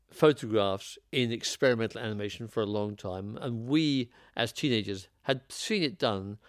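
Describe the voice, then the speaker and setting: A man's voice: mid-range voice, no echo. Reflective man reminiscing, dry sound. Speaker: animator. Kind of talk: interview clip.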